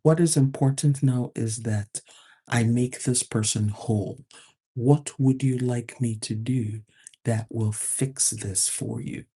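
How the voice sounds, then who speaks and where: A woman with a warm, mellow voice telling a story from her working life. She talks in an animated way, often slipping into the voices of the people she describes. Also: extremely low pitch, slow pace, breathy edge. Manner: animated, acts out quoted exchanges. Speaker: advice host. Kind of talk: storytelling talk.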